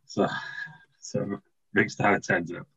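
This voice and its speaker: Guy on a podcast, low husky voice, rambly, keeps laughing at his own story. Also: little pitch movement, takes it slowly, sharp tone, highs cut off. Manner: rambling, laughing, restarts, puts on silly voices in quotes. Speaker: podcast co-host. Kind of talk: casual comedic chat, pitching a wrestling storyline.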